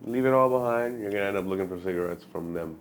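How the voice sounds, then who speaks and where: A man's voice: low voice, quick pace. A young man, a comedian guest, trading crude jokes in casual chat. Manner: crude, joking banter.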